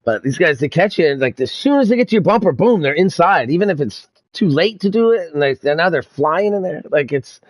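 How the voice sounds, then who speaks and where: A man's voice: fairly high pitch, lively intonation, a little fast, hardly any pauses, dry recording. A young man streaming sim racing, chatting casually with friends, laid-back, swearing and laughing a lot. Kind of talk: casual chat over voice chat.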